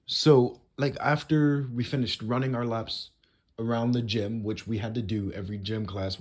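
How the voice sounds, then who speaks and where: A man's voice: lowish voice, darkish tone, husky. A teenage boy telling a casual storytime monologue, rambling with lots of "you know" and "like" fillers. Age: teens.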